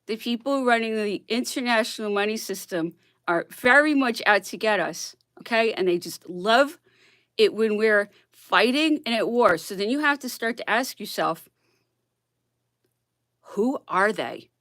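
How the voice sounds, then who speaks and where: A woman's voice: a little high, lively intonation, normal speed, a bit bright, dry recording, studio quality. A woman blogger on a casual, worked-up rant who keeps asking "okay?" and laughs between her points.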